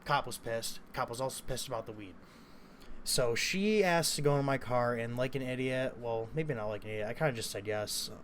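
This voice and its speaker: A young man telling a story in a loose, rambling way, swearing often and leaning on fillers. His voice sits at an ordinary pitch, and a faint hiss hangs behind it. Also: normal speed. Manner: rambling, profane, lots of fillers. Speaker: vlogger. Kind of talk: casual storytelling.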